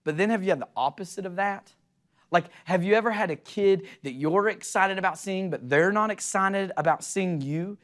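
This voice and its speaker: Earnest, animated young man preaching. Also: sits high, moderate pace. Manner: earnest, animated storytelling with excited voiced quotes. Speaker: pastor. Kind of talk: sermon.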